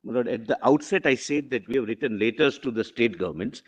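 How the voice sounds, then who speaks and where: Indian government lawyer addressing the court. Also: male voice, mid-range voice, lively intonation, quick pace, dull audio. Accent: Indian English. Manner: formal, repeats deferential forms of address. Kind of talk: courtroom submission.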